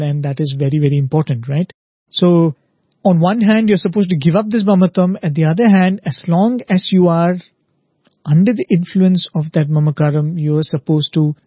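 A man's voice: on the high side, warm tone, no echo, lo-fi sound. A man giving an earnest spiritual discourse on a show, telling parables and often asking "right?". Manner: earnest, repetitive "right?" checks, storytelling.

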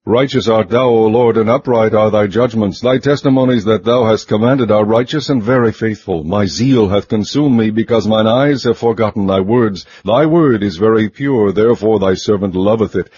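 Low, mellow man reading scripture. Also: breathy edge, no room sound. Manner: measured, even, solemn recitation. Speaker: scripture reader. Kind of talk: steady scripted Bible reading. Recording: muffled lo-fi recording.

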